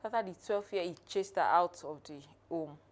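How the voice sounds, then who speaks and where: A woman co-hosting a podcast, telling a story in a measured, unhurried way. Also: on the low side. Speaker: podcast co-host. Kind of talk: conversational podcast talk, storytelling.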